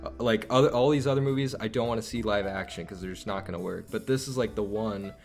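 Rambling young man, lowish voice. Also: fast talker, vocal fry, a little mellow, faint music behind. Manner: rambling, filler-heavy, enthusiastic. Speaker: podcast co-host. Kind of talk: casual chat.

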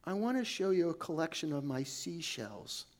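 A man voicing a shy, sincere seven-year-old boy, speaking softly in a sermon story. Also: a little high, sing-song, normal speed. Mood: earnest.

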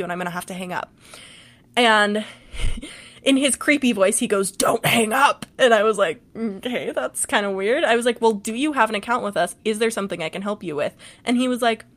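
Woman podcast host telling a story, kinda high voice, animated, laughs a lot. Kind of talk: casual chat and story recap.

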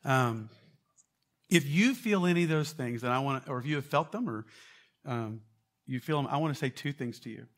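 A man giving a casual, quick-talking sermon as pastor, joking with and quizzing a live church audience. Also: medium pitch, animated, fairly bright tone.

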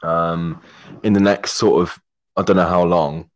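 A young man with a very low voice chats as a podcast guest. He rambles with plenty of fillers and swears heavily, saying mate every few lines. His delivery is effusive and openly affectionate toward his host. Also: steady tone, unhurried. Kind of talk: casual chat. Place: remote call, living in Germany.

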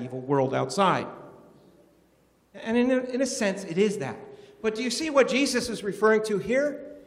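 A man preaching a sermon, animated and quizzing his listeners with questions. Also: high-pitched, long reverb tail. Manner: animated, asks the congregation questions.

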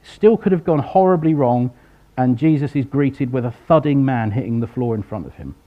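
A man preaching a sermon, acting out the people in the story with sudden loud voices. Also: medium pitch, animated, normal speed. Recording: dull lo-fi sound.

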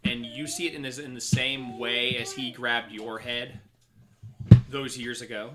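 A man's voice: mid-range voice, little pitch movement, a little slow, over loud music. Man narrating as game master.

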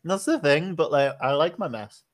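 A man's voice: on the high side, animated, normal speed, no echo. Playful man co-hosting a podcast. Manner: playful, giggly, teasing, rambling. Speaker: podcast co-host. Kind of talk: casual chat. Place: home desk.

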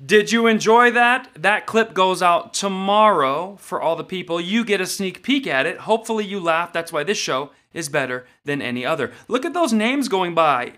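A man's voice: sits high, lively intonation, moderate pace, few pauses, bright, forceful tone. A man hosting a live-stream show, talking to viewers in an emphatic, opinionated way.

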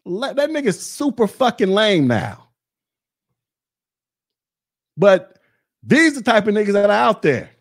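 A man's voice: high-pitched, very animated, normal speed. A man in his forties hosting a podcast, ranting bluntly with mocking, profane talk. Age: 40s. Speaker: podcast host. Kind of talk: casual rant.

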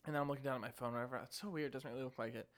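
A man co-hosting a podcast, telling an animated story and acting out what people said. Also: mid-range voice, rapid-fire. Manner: animated storyteller, acts out quoted voices. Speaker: podcast co-host. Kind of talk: casual chat.

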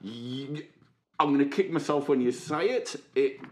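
A man's voice: medium pitch, unhurried. A man co-hosting a podcast, teasing and playful in casual banter. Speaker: podcast co-host.

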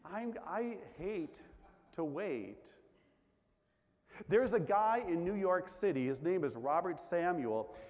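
A man preaches slowly, his voice rising and falling widely as he swings from emphatic questions to near-whispers. The sound is dull and lo-fi, with a long reverb that hangs in a large hall. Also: fairly high pitch. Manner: dramatic, drops to a hush for quiet lines, asks many questions. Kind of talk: sermon.

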